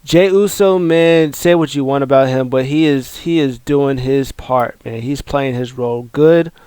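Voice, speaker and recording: A man hosting a casual wrestling recap, excitable and rambling, with lots of fillers and restarts. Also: medium pitch, unhurried, smooth, no echo. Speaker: wrestling show recap host. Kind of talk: casual video commentary.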